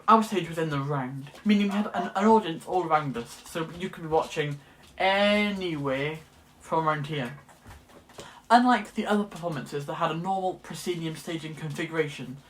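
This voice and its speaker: A man's voice: fairly high pitch, a bit bright. Young man, late teens, casual student vlog, rambling, self-correcting, faint background hiss. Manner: chatty, rambling, often restarts and self-corrects. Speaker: student vlogger.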